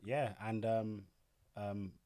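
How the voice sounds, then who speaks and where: A man's voice: fairly low pitch, fairly even intonation, slow pace, mellow. A man co-hosting a casual podcast, joking and teasing in a playful way. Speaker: podcast co-host. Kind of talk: casual chat.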